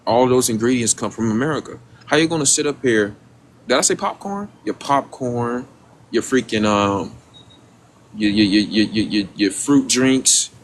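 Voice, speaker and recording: Speaking expressively at a moderate pace, this medium-pitched man hosts a relaxed livestream against a bit of background noise. He talks to his audience directly, asks rhetorical questions, and repeats words clumsily as he searches for his next thought.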